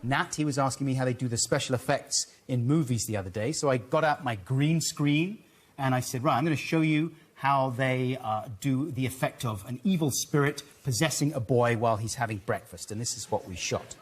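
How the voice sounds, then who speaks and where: A man in his forties, a dictionary corner guest, doing a deadpan, mock-earnest comic monologue. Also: mid-range voice, a little fast, slightly rough. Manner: dry, mock-earnest, flustered bursts at a child.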